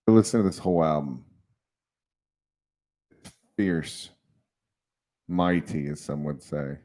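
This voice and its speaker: Very deep-voiced rambling male streamer. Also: a little mellow. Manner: rambling and chatty, laughs often. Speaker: livestream host. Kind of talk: casual livestream chat.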